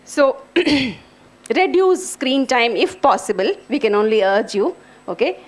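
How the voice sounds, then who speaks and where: Middle-aged woman professor, lively high voice, earnest talk to students. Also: takes it slowly. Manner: animated, earnest, addresses students directly. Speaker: English professor giving a talk. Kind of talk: lecture to students. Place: lecture hall.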